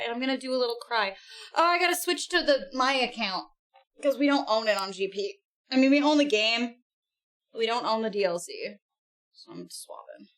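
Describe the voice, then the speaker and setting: A woman's voice: fairly high pitch, animated, a little fast, fairly bright tone. Giggly, gushing woman streamer. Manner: giggly, gushing, rambling to herself. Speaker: game streamer. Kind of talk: casual live-stream chat.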